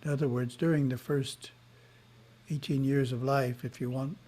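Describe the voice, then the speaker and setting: A man giving a spiritual lesson in a webinar, reading in a measured way with short asides, heard over a video call. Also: mid-range voice, flat delivery, mellow. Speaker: spiritual teacher.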